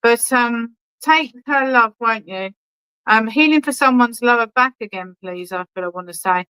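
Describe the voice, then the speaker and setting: Bright, clear-voiced woman medium. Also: a little high, moderate pace, poor audio. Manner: chatty and reassuring, keeps checking in with "okay?"; affectionate, calls people darling. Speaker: spiritualist medium. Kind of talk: clairvoyant readings at an online church service.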